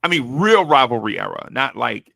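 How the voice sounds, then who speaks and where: A man's voice: medium pitch, big pitch swings, moderate pace, creaky, sharp tone, no room sound. A man hosting a casual sports podcast, talking in a laid-back, rambling way full of slang and restarts. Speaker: podcast host.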